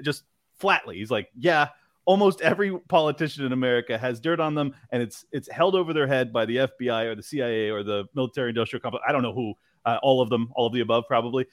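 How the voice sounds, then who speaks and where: A man chatting on a podcast in a loose, animated way, swearing freely and breaking into laughs. His voice sits at an ordinary middle pitch. It is recorded close and dry, with no room sound. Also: fast talker, dry recording. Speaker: podcast host. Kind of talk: casual chat.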